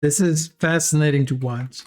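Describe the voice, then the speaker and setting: A man with a South African accent, a native Afrikaans speaker, chatting casually on a livestream and reading chat aloud. He talks in a rambling way with halting restarts and frequent chuckles, and he sounds tired after a long session. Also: fairly high pitch, steady tone, darkish tone. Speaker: streamer.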